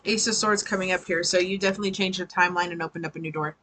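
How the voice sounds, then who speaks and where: A woman's voice: lowish voice, steady tone, racing, bright, forceful tone, a little hiss or hum, rough recording. A woman giving a casual, chatty live tarot reading, swearing freely and laughing often. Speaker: tarot reader.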